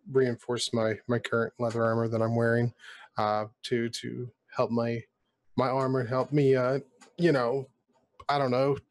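A man's voice: medium pitch, darkish tone, dry recording. A man at a tabletop game talks in a mid-range voice, circling and restarting as he lays out his plan. The sound is dry and close. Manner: rambling, restarting mid-sentence. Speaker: player. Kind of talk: casual tabletop play.

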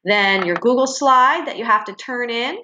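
A woman's voice: on the high side, normal speed, bright, forceful tone, muffled recording, a little hiss or hum. A woman teacher walking students through their assignments in a recorded online class, explaining step by step and checking in with frequent "okay" and "right.".

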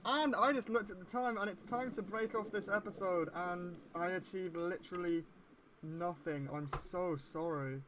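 An excitable man gives gameplay commentary, swearing freely and breaking into sudden yelps when something scares him. His voice sits a little high and sounds bright and tense. A faint hiss runs under it. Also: moderate pace. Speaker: let's play gamer.

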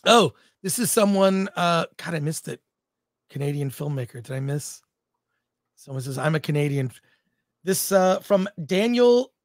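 In this casual livestream chat, a film talk show co-host cracks jokes and reads the chat aloud, chatty throughout. He speaks unhurriedly and expressively in a slightly high voice. The recording is studio quality with no echo.

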